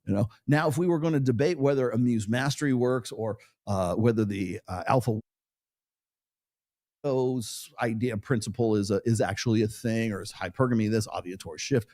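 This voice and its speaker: A man's voice: lowish voice, moderate pace, warm tone. A middle-aged man talking casually and with opinions, rambling with restarts and short laughs. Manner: rambling, with self-corrections and laughs. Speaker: podcast guest in a played clip.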